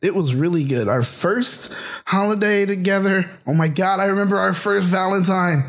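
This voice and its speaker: High-ish voiced guy on a dating podcast, animated storyteller, laughs a lot. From Haitian family. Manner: animated, laughing, quick asides. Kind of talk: casual storytelling chat.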